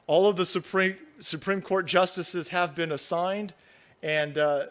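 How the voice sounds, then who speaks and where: Brief: foul-mouthed, mocking male streamer reading chat, high voice. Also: fairly even intonation, unhurried, fairly bright tone. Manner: profane, mocking, laughs often. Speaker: livestream host. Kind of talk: political commentary livestream.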